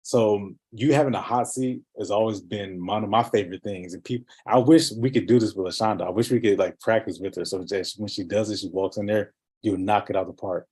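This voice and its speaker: A man's voice: lowish voice, brisk, few pauses, a little mellow, slightly rough. A man in a casual coaching chat, talking with energy and emphasis.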